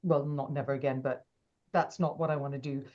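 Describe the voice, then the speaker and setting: A middle-aged woman, a podcast guest telling stories in a lively, animated way and acting out quoted voices. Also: a bass voice, fairly quick, highs cut off. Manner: animated, acts out quoted voices, laughs often. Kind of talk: casual interview storytelling.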